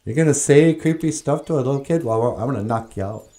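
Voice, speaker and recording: A man's voice: mid-range voice, quick pace, warm tone, slight background noise. A man hosting a casual stream, joking, chuckling often and reading out comments. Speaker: host. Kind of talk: casual livestream chat.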